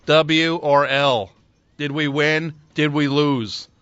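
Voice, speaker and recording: A man's voice: a little high, steady tone, slow pace, a bit bright, clear, resonant tone, faint music behind. A man hosting a call-in radio show, sarcastic and exasperated, mocking his callers. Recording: slightly dull studio recording.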